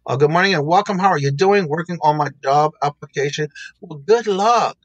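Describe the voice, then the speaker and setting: A man's voice: on the high side, a little fast, no room sound, lo-fi sound. A man hosting a casual livestream, greeting viewers in the chat by name and laughing often. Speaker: livestream host.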